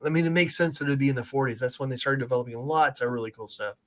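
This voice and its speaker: A man's voice: mid-range voice, racing. A man co-hosting a casual livestream, chatting and laughing as he paints. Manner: chatty, laughs often, many restarts.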